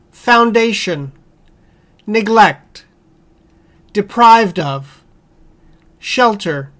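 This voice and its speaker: Woman, very slow pace, measured word-by-word reading, vocabulary list. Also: medium pitch, fairly bright tone. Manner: slow, measured, one word at a time with long pauses. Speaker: vocabulary reader.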